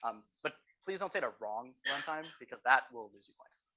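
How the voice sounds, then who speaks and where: Male TA for a review session: quick delivery, bright voice, keeps asking the room "right?". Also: mid-range voice, animated. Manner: explanatory, tags statements with "right?". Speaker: course teaching assistant. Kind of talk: exam review lecture. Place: university classroom.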